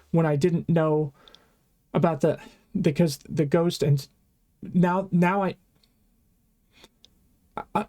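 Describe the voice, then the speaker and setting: Mellow, chatty online language teacher. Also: medium pitch. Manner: casual, chatty, self-correcting. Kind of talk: online grammar lesson.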